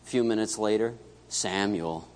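A man preaching a sermon as pastor, telling a story and acting out its dialogue, swinging between loud and hushed. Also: fairly low pitch, normal speed. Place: church sanctuary. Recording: echoey church hall.

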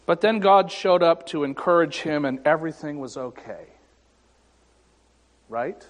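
A man preaching a sermon as pastor, slow and deliberate with dramatic pauses and wry, self-deprecating humor. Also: on the high side, animated. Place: church sanctuary. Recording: echoey sanctuary reverb.

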